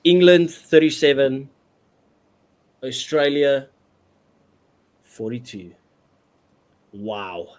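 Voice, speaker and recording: A blunt man co-hosting a podcast, stating strong opinions in casual chat. His voice sits at a plain middle pitch. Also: lively intonation, extremely slow, pauses often, a little mellow. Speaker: podcast co-host.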